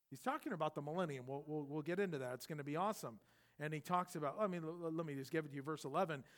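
A man preaching an expository sermon in a conversational way, swinging from loud emphatic bursts to hushed intensity. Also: high voice. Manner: conversational, repeats words when restarting. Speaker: pastor.

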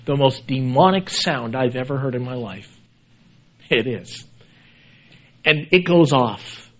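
A male preacher with a high voice delivers an impassioned sermon, swinging from loud, soaring pleas down to hushed, low asides. The recording sounds dull and lo-fi.

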